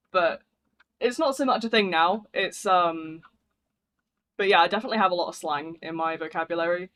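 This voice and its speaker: A man's voice: high-pitched, moderate pace, pauses often, pushed and bright. A man with a northern English accent and a thick voice, live streaming a game in a rambling, slangy, casual chat with viewers. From northern England.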